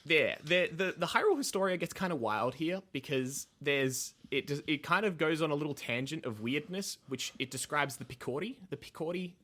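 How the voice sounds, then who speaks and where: A man's voice: on the high side, animated, brisk, hardly any pauses, sharp tone. A man hosting a casual podcast, talking through game lore in a rambling, hesitant way with lots of fillers and swearing. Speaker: podcast host, lore explainer. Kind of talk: casual chat, explaining lore.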